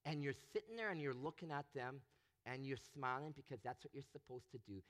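A man preaching a sermon, animated and expressive, acting out the voices he quotes. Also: medium pitch, fairly quick. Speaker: pastor.

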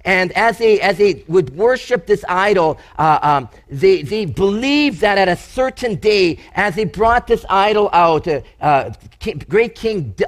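A man preaching a sermon, telling stories and acting out the words of the people he quotes, with lively, emphatic delivery. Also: high-pitched. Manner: animated, storytelling preacher who acts out quotes. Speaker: pastor.

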